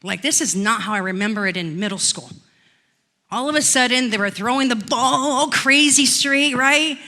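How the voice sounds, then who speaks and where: Woman pastor preaching, high bright voice, tells stories then gets loud and declares stuff. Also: moderate pace. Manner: storytelling, swells to loud declarations. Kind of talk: sermon. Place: church.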